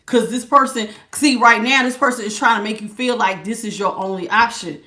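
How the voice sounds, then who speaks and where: Woman, bright and higher-pitched, an emphatic preachy tarot reader talking straight to her live viewers. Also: fairly quick. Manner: preachy, emphatic, repeats words for stress. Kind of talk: live spiritual tarot reading.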